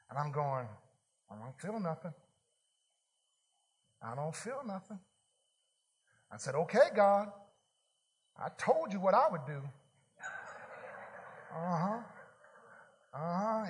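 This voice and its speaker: A man preaches and tells his own story with wild swings in pitch, dropping to a hush for quoted lines and rising to shouts. His voice sits high for a man. The sound rings with the long reverb of a big hall. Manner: animated testimony, whispering quotes then shouting. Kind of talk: storytelling sermon.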